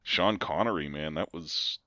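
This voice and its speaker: A man's voice: extremely low pitch, unhurried, sharp tone, no echo. A man hosting a podcast, chatting casually about movies, laughing often and restarting his sentences. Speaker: podcast host. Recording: dull lo-fi sound.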